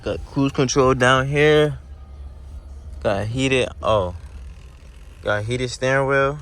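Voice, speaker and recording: A man's voice: medium pitch, takes it slowly. A young man giving casual, slang-heavy commentary to viewers while driving, recorded on a camera mounted in the car. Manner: slangy, talks straight to viewers, gets loud and excited when accelerating. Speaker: car vlogger. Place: inside a moving car. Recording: faint road noise in car.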